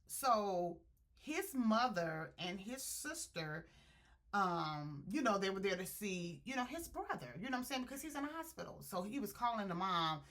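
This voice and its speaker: A woman who reviews books retells a plot for her viewers, spoilers and all, in loose, chatty slang. Her medium-pitched voice is bright and forceful, and she slips into quick character impressions, animatedly acting out their lines.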